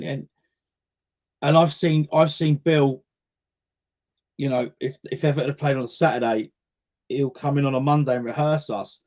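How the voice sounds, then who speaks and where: This interview guest is a North West London man who sings and acts. Relaxed and talkative, he answers questions by telling stories, his voice at a middling male pitch, often repeating a word or two as he collects his thoughts.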